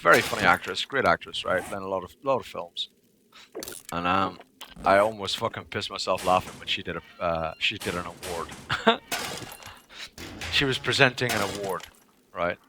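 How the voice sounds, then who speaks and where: While playing a game on a livestream, a man talks casually to viewers in a rambling, profane manner. He has a low-pitched, sharp voice and speaks fairly quickly, with slight background noise.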